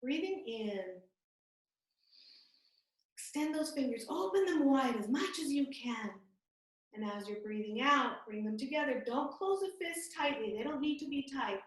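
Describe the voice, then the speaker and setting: Gentle woman leading yoga over a video call. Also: sits high, normal speed, recorded from a distance. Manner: gentle, calm, soothing cues. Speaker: yoga instructor. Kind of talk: guided yoga class instruction. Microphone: computer mic on a video call. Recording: echoey video call audio from off-mic.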